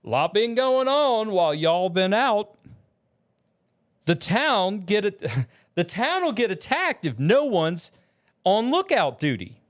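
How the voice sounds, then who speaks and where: A man voicing an intense young male warthog berserker in a put-on American Southern accent, loud and rowdy. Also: high voice, big pitch swings, slow, voice pushed up, exaggerated voice.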